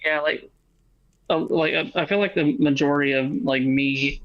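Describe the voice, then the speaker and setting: A man's voice: on the high side, fairly even intonation, moderate pace, no room sound, muffled recording. A man with a slight Southern American accent, chatting with friends over voice chat in a rambling way, full of fillers. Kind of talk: casual chat.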